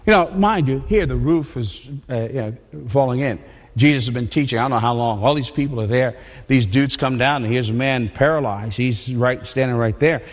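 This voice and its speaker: A man's voice: mid-range voice, normal speed. A man preaching a sermon in a loose, conversational way, restarting and repeating words as he talks. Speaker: pastor. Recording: long hall reverb.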